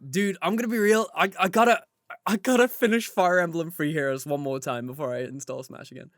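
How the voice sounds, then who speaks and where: Young male co-host, lively and foul-mouthed, high register, dry close recording. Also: a little fast, no room sound. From Ireland. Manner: animated, swears a lot, laughs while telling stories. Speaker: podcast co-host. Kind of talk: casual chat.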